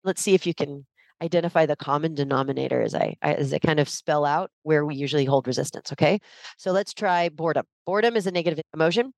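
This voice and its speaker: A woman with a fairly low voice, talking on a video call as a podcast guest. She explains ideas with energetic emphasis and a teacherly drive. The sound is dry and close. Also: quick pace, no room sound. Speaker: leadership coach guest.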